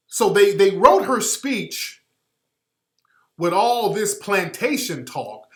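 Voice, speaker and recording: A man's voice: sits high, big pitch swings, takes it slowly, long pauses. A man hosting a radio show, giving a blunt, emphatic monologue and repeating his points for effect. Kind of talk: impassioned monologue. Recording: roomy echo.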